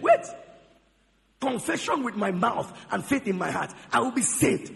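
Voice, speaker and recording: A man's voice: high voice, sing-song, measured pace, creaky. A man preaching a sermon, quizzing the congregation and repeating key phrases. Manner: call-and-response questioning, repeats key phrases. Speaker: pastor. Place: large church hall. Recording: long church hall reverb.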